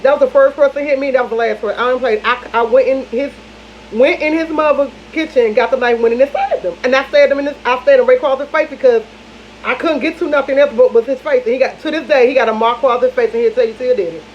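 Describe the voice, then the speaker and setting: A woman's voice: sits high, fast, lo-fi sound, a little hiss or hum. A young woman vlogger, chatting casually to viewers in long repetitive run-on bursts.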